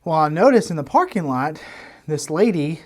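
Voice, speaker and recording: A man, co-hosting a podcast and telling a long story in a casual, animated way with lots of restarts. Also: on the high side, normal speed. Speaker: podcast co-host. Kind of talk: casual chat.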